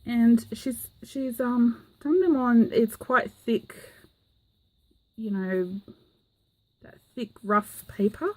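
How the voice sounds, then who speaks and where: A woman's voice: fairly high pitch, slow pace, pauses often, no room sound. A woman with a gushing, enthusiastic manner, full of "um" fillers, showing off mail she received in a casual craft vlog. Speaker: craft vlogger. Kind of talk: casual show-and-tell vlog.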